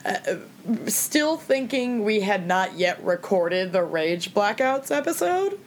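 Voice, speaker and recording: A woman co-hosting a podcast with a dry, wry humor. Her voice swings widely in pitch while she talks at an unhurried pace, with a faint noise underneath. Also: very animated. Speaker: podcast co-host. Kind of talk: casual chat.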